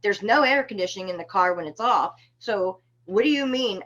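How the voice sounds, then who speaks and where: A woman's voice: medium pitch, fairly quick, few pauses. Indignant woman telling a story. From Florida. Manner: animated, indignant retelling with sharp outbursts. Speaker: podcast guest. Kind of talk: casual storytelling.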